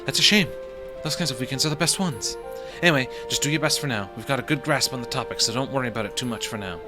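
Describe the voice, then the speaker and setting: A man's voice: fast, over music, close to an everyday voice. A man voicing a kind, mild-mannered male schoolteacher who speaks politely and encouragingly. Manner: polite, encouraging, low-key.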